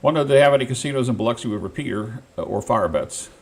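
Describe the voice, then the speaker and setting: A male co-host with a gravelly, husky voice that rises and falls in lively swings. He reacts in short bursts and reads questions from the chat in a casual tone. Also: mid-range voice, quick pace. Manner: short reactions, brief interjections. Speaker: livestream co-host.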